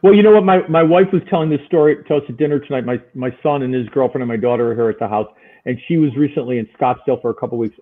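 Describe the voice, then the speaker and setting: Animated storyteller man on a tinny line. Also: mid-range voice. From Buffalo, New York. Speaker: guest. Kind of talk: storytelling in casual chat.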